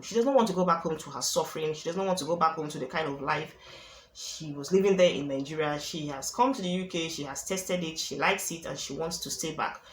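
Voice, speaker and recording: Low-voiced woman storyteller, echoey room. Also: a bit bright, slight background noise. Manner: casual, repeats phrases for emphasis. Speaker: storyteller, channel host. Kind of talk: narrating a true-life story.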